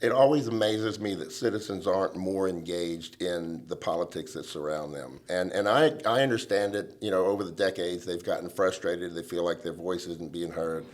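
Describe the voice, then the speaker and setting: A middle-aged man, a lobbying veteran telling lively stories as a podcast guest and acting out the people he quotes. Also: low-pitched, moderate pace, few pauses. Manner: animated storyteller who acts out quoted people. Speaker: government relations veteran, guest. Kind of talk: casual storytelling chat.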